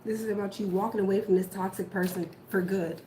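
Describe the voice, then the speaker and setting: A woman's voice: medium pitch, steady tone, fast talker. Emphatic woman reading tarot. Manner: emphatic, repetitive warnings. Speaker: tarot reader. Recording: echoey room, faint background noise.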